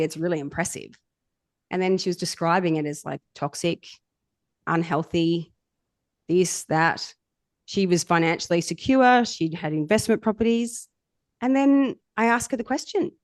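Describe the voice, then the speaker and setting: A woman's voice: lowish voice, no room sound, studio quality. A woman, a somatic coach guesting on a podcast, telling stories animatedly and laughing often. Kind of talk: storytelling in casual chat.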